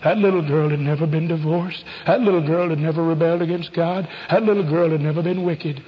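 A man preaching an evangelistic sermon, fervent and pleading, swinging from loud calls to hushed appeals. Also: a little high, fairly even intonation, brisk, hardly any pauses, long reverb tail, lo-fi sound, a little hiss or hum.

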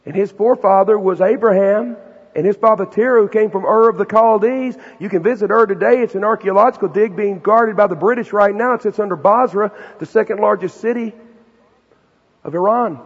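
Male pastor, high and husky, punchy conversational sermon delivery; dull church recording with a long hall tail. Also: brisk. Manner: emphatic, conversational preaching with rhetorical questions.

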